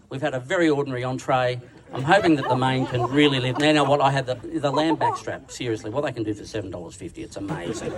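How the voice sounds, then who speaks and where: An Australian man giving a comic roast speech at a dinner, teasing and slangy in an irreverent way. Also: mid-range voice. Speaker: roast speaker. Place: dinner function room. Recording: distant mic with background noise.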